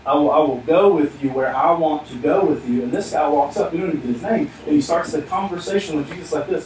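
A man's voice: on the high side, fast talker, hardly any pauses, a little mellow, recorded from a distance. A man preaching a sermon in church. He speaks animatedly and acts out the words of the figures he talks about. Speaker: pastor. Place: church sanctuary. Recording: echoey room, heard from afar, faint hiss.

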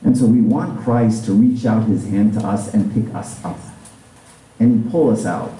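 Male pastor, low and very mellow voice, chatty sermon full of "right?" asides, picked up from a distance in a reverberant church. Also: measured pace. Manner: conversational preaching with frequent "right?" asides.

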